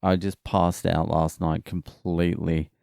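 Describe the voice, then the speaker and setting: A man's voice: low-pitched, flat delivery, a little slow, gravelly, darkish tone, no echo. A young Australian man hosting a podcast, rambling and swearing in a casual solo monologue, sounding sleepy and dryly funny. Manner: sweary and rambling, dry humour. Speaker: podcast host.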